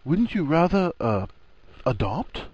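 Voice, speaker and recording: A man voicing an earnest, flustered young wizard who stammers and rushes. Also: a little high, very animated, a little mellow, breathy edge, muffled recording, voice pushed up, heavily acted. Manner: stammering, eager.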